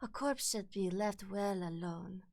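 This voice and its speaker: Woman playing a stern gothic huntress, put-on British accent, slow and solemn. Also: medium pitch, darkish tone, no echo, clean studio sound, lightly acted.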